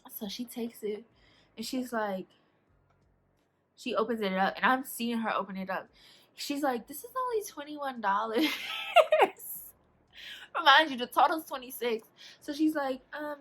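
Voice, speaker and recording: A young woman, chatting casually as a vlogger through a storytime about a date, animated and laughing as she acts out what people said. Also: on the high side.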